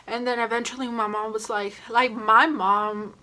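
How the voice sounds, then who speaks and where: A young woman telling a casual vlog story, animated and slangy, sometimes dropping to whispers. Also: on the high side, moderate pace, hardly any pauses. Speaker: vlogger.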